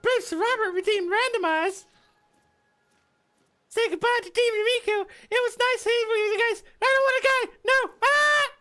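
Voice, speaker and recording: A man's voice: very high voice, steady tone, normal speed, long pauses, a bit bright. A man voicing a ditzy, cutesy young female streamer persona, bubbly and airheaded, squealing when panicked. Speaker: game streamer. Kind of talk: put-on character voice on a livestream.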